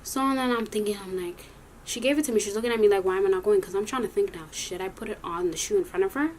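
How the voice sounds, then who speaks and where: A woman's voice: mid-range voice, fast, low-quality recording. A young adult woman recounting a story on her channel. She retells the dialogue and acts out each side in an ordinary mid-range voice. A faint hiss of noise runs underneath. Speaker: vlogger. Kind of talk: storytime vlog.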